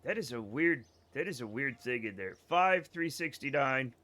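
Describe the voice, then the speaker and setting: A man's voice: medium pitch, lively intonation, moderate pace, sharp tone, dry recording. A man with a faded Boston accent, joking and swearing through casual gameplay commentary on a live stream and laughing often. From Boston area.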